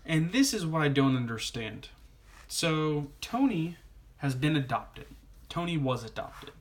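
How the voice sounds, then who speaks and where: A man's voice: on the high side, very animated, measured pace. A man reviewing a comic book in a casual vlog, rambling and opinionated, with plenty of fillers.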